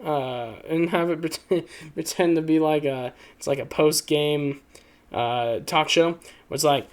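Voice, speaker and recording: A man's voice: on the high side, measured pace. A man casually reacting to online posts, rambling and joking. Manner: rambling, joking, lots of fillers and laughs. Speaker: video creator.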